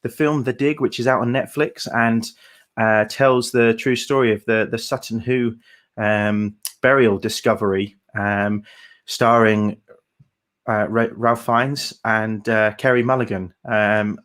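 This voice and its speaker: A man's voice: lowish voice, steady tone, measured pace, a bit bright. Chatty rambling man hosting a livestream. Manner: chatty, rambling, hesitant with many fillers. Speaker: co-host of a folk song livestream. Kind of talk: casual livestream chat.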